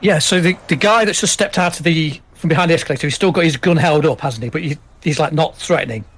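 A man with a slightly high voice takes part in a tabletop game. He asks matter-of-fact questions to check the scene. His delivery is plain and casual. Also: quick pace, fairly bright tone. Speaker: player.

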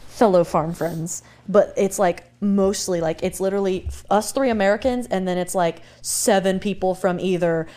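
A woman co-hosting a podcast, telling stories in a giggly, animated way. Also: mid-range voice, moderate pace, few pauses. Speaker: podcast co-host. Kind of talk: casual chat.

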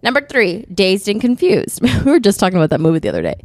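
A woman's voice: medium pitch, wildly swooping pitch, quick pace. A woman co-hosting a casual podcast, reading stories aloud and chatting about them. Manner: laughs often, reads then comments.

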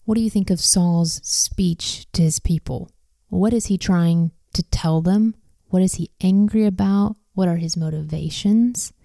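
A woman leading a Bible study, reading scripture aloud and pausing to ask calm, measured discussion questions. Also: fairly low pitch, creaky, dry recording, clean studio sound.

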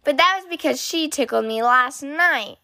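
A woman's voice: sits high, animated, moderate pace, gravelly, sharp tone, full character voice. A woman voicing a young boy bear cub who complains and shifts the blame, in a storybook reading. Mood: complaining.

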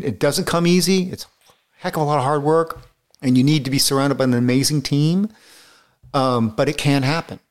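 A middle-aged man, a film director being interviewed, telling long, rambling stories in a casual way with many restarts. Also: mid-range voice.

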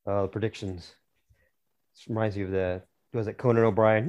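A man's voice: on the low side, brisk, dull audio. A man on a podcast as a guest author, chatting casually in a rambling, jokey way with frequent restarts. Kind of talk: casual chat.

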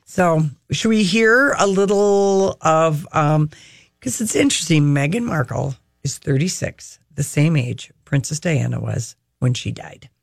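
A woman co-hosting an entertainment talk radio show, chatting casually with quick asides. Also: low-pitched, animated, gravelly, dry recording, clean studio sound.

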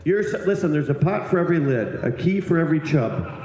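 A man's voice: a little high, sing-song, a little fast, a little mellow, very echoey, low-quality recording. A man doing brash, profane stand-up crowd work, riffing with the audience from a club stage. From eastern United States.

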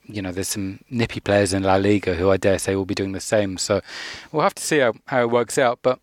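A man on a football podcast, telling stories in a thoughtful, measured way. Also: on the low side, dry recording, studio quality. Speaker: podcast pundit. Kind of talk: casual sports chat.

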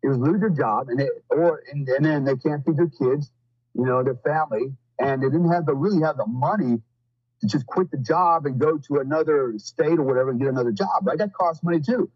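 A man with a fairly high, husky voice chats as a podcast guest, rambling through stories with blunt, profane asides. His delivery is loose and full of fillers. The audio is a little dull and dry. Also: fairly quick, no echo. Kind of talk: casual storytelling.

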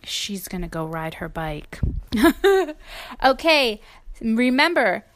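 Animated woman reading a storybook. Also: on the high side, slow pace. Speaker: podcast host reading to her child. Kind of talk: children's story read-aloud.

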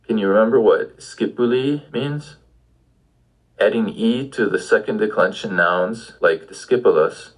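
A man's voice: low-pitched, low-quality recording. A man giving an audio language lesson, patiently prompting the listener with questions. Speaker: language teacher.

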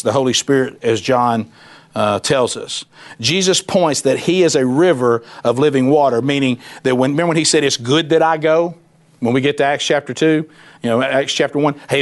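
A man teaching a Bible study in a folksy, conversational way, acting out the voices of Bible figures. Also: mid-range voice.

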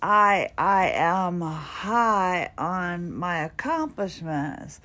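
A woman's voice: lowish voice, expressive, drawn-out words, few pauses, a bit bright. A middle-aged woman talking casually about her day, tired and a bit drowsy, rambling with little self-deprecating laughs. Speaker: podcast host. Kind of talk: casual personal monologue.

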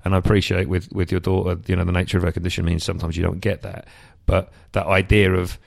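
A man with a very deep, gravelly voice hosts a casual chat. He speaks earnestly and ties the conversation to his own life. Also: flat delivery, fast talker. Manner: earnest, relating things to his own experience. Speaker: podcast host and father of a toddler.

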